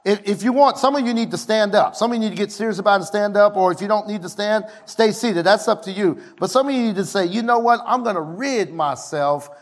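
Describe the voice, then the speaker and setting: A male pastor preaching a sermon in a church, energetically leading his congregation through call-and-response declarations and often shouting. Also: high-pitched, fast talker, hardly any pauses. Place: church sanctuary with a live congregation.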